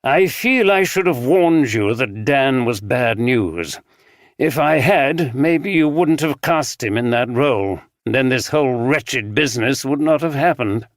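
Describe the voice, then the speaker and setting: A narrator reading a kindly actor in a storybook who speaks with gentle sincerity. The voice sits a touch higher and louder than the reader's own, in a dry recording. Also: male voice, lively intonation, measured pace, dry recording, lightly acted. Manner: apologetic, kindly. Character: kind older actor, consoling a friend.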